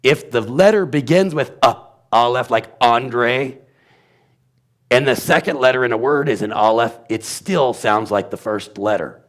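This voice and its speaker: A man's voice: medium pitch, measured pace. A man giving an informal Bible teaching, sounding out letters aloud and wandering into asides. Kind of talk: informal teaching on Hebrew pronunciation.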